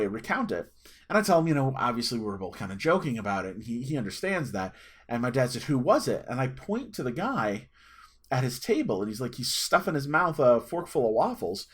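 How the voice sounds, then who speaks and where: A man's voice: mid-range voice, breathy edge. Man, thirties, casual storyteller, lots of fillers and restarts. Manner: chatty, rambling, with many fillers and restarts. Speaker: channel host.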